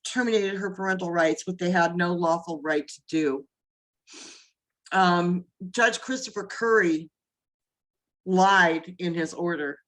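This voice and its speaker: An older woman telling her family's story as a guest, in slow, earnest testimony. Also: on the low side, rough recording. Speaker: guest, mother. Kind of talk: emotional personal testimony.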